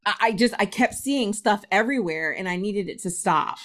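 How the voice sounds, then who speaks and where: A middle-aged woman tells a personal story as a podcast guest. She laughs often and slips into the voices of the people she quotes. Her pitch sits in the middle of the usual range for a woman. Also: lively intonation, moderate pace, a bit bright. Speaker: spiritualist medium, podcast guest.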